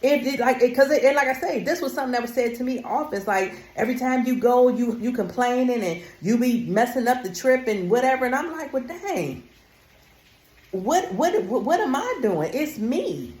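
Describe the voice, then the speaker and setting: A woman's voice: on the high side, a little fast, hardly any pauses, darkish tone, echoey room. A woman vlogger talking casually and emphatically to her viewers, calling them honey. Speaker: wellness vlogger. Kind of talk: casual talk to camera.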